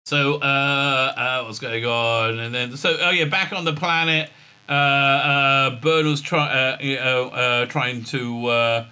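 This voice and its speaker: A man's voice: medium pitch, fairly even intonation, slow, sharp tone, smooth. A man recapping a TV episode in a sarcastic, ranting tone, with many "uh"s and sighs of exasperation. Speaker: show reviewer.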